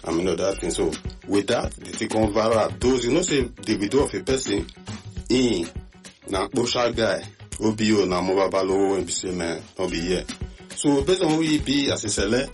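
Nigerian male radio host, lively pidgin-mixed gist chat, low-ish voice. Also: moderate pace, soft background music. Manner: animated, repetitive, mixes pidgin with English.

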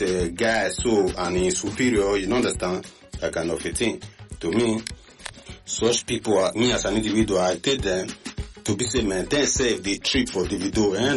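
A man with a Nigerian accent hosting a radio talk show in animated, chatty Pidgin-laced English. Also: lowish voice. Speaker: radio host. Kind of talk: casual chat.

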